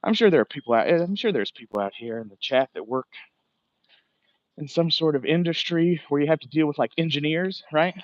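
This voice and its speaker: A man's voice: fairly high pitch, fairly quick, no echo, dull audio. A man, livestreaming as he walks outdoors by the water, talking casually, cursing often and ranting, a bit out of breath. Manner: profane, rambling, ranting.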